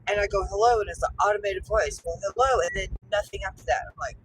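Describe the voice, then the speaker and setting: A woman's voice: mid-range voice, fairly even intonation, fast. A woman working as a delivery driver, chatting in an easygoing, wry way while she drives. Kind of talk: casual chat. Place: car, driving. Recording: mic set a bit far, faint road noise.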